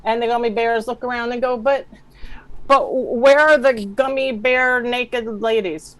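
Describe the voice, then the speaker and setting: A woman improvising jokes over a video call, pausing and restarting as she goes. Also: a little high, fairly even intonation, no room sound, rough recording. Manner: hesitant, halting delivery. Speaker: improv performer. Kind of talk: improvised joke-telling.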